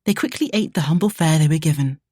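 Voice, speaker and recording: A woman narrating a romance audiobook in a soft, measured way. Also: low-pitched, slightly rough, dry recording, clean studio sound.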